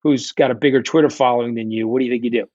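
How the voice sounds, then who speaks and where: A man's voice: mid-range voice, steady tone, racing, dark tone, no echo, lo-fi sound. A middle-aged man, a guest in a candid interview, telling his story in a blunt, profane, combative way. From New York. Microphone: remote call.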